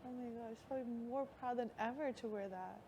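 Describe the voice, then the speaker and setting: A woman's voice: fairly high pitch, fast talker, highs cut off. Chatty woman telling stories, noisy feed. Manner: animated storytelling, quotes others, says "like" often. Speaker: reality show houseguest. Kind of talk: casual chat. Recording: live feed with audible background noise.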